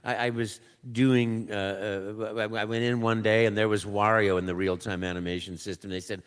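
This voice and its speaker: An older man, a voice actor, telling a lively story on a convention panel and acting out quotes and sound effects. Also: fairly low pitch, brisk, few pauses, smooth, long reverb tail. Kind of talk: anecdotal storytelling.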